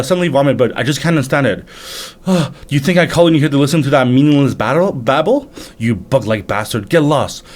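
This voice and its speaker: A man's voice: mid-range voice, close to an everyday voice. A man voicing an arrogant, haughty male first prince with a sneering, contemptuous manner.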